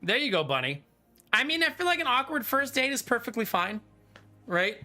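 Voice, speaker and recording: A man's voice: extremely high pitch, very animated, normal speed, bright, forceful tone. A man in his thirties chatting casually with his live-stream chat while playing a card game, laughing often. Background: faint game music.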